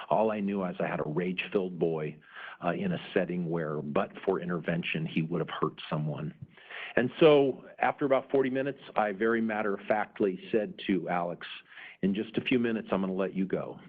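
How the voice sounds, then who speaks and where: Middle-aged guy telling a story on stage, low husky voice, sounds like a phone line. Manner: earnest, frequent "uh" fillers. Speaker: conference presenter. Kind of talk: storytelling talk.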